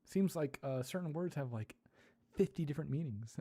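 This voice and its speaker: A man chatting casually on a livestream, giggling and slowly sounding out foreign words. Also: fairly high pitch, lively intonation, dark tone, slightly rough. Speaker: streamer.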